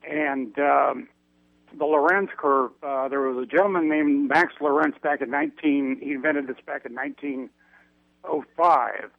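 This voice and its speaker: A man calling in to a radio show, speaking haltingly with many ums and uhs. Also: on the high side, creaky, no room sound. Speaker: radio caller. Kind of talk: call-in comment. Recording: phone line.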